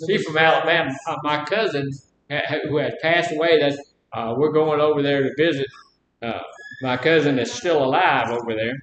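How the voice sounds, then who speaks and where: A man with a Southern drawl teaches a live class, folksy and fond of quizzing his listeners. His voice sits a touch high. The room is echoey, with a faint rumble underneath. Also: moderate pace, a bit bright. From Mississippi. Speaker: class instructor. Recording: roomy echo, faint rumble.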